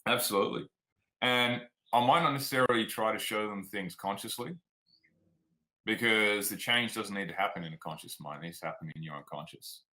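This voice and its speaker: In a poorly recorded casual interview, this guest performance coach from Australia speaks briskly with a fairly low, bright, forceful voice. He's frank and plainspoken when telling his stories, dropping "like" and "man" as he goes.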